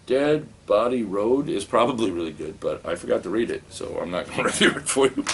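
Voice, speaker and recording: A man's voice: fairly low pitch, lively intonation, fairly quick, gravelly, slight background noise. A man reviewing new comic books in casual chat, rambling and wry, full of fillers and restarts, in a comic book store.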